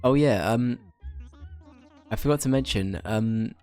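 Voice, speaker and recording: A man's voice: medium pitch, measured pace, darkish tone, soft background music. A man streaming a game and chatting with viewers, a bit bunged up from being slightly ill, rambling and addressing chat by name.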